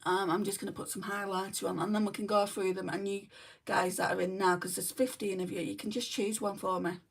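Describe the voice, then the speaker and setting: A woman with a New Zealand accent talks her way through a makeup livestream, greeting viewers by name and answering their comments in a relaxed, chatty way. Her voice sits in a middle pitch and comes across a little distant from the mic, as if she sits back from a phone or camera indoors at home. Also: fairly quick, gravelly, slightly rough. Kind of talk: casual chat reading live comments.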